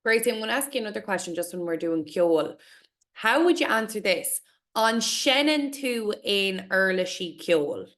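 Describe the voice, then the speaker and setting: A young Irish woman teaching a class and reading a poem aloud slowly and clearly. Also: mid-range voice, animated, fairly bright tone. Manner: encouraging, reassuring, models pronunciation slowly.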